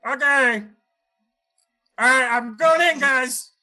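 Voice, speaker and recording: A man's voice: extremely high pitch, slow pace, pushed and bright, faint music behind, full character voice. A man voicing a greedy, self-important frog prince in a tabletop game, fussy and hesitant.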